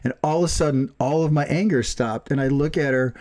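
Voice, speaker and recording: A man's voice: a little high, fairly quick, darkish tone. Man, podcast co-host, casual chat, teasing, laughs a lot. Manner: teasing, laughs often, tells stories.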